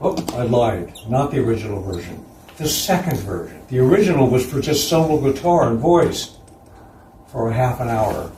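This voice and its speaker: A man giving a conference lecture about slides, relaxed and chuckling between points. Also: medium pitch, normal speed, noisy background. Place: concert hall. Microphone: distant room mic. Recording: roomy, distant hall recording.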